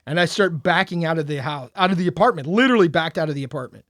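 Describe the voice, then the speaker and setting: This podcast co-host has a fairly high, expressive voice with a fairly bright tone, and he talks at a quick pace. Recorded at studio quality without room sound, he spins a story in casual conversation, bringing the quoted lines to life with animation.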